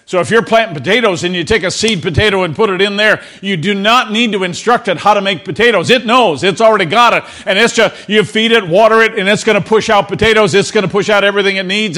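A man's voice: high-pitched, fast, hardly any pauses, bright, forceful tone. A man preaching a sermon to his congregation, earnest and prone to repeating words, asking them to answer back. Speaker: pastor. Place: church before a congregation.

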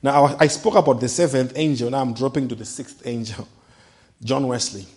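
A man preaching a sermon, emphatic, rising to loud declarations and dropping to soft low asides. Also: a little fast.

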